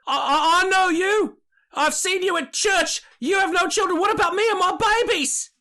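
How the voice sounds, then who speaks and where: A man's voice: very high voice, moderate pace, sharp tone, pitched above the performer's own voice, exaggerated voice. A man voicing a desperate poor woman crying out from a crowd about her children. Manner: pleading, crying out.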